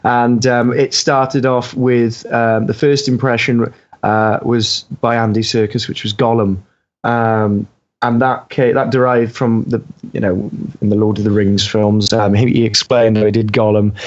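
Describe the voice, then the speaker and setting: A man's voice: medium pitch, little pitch movement, a little slow. A young Welshman with a Welsh accent, chatting as a guest, hesitant and full of ums. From Wales. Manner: hesitant, many ums and uhs. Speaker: guest voice actor. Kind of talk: casual interview chat. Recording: dull lo-fi audio.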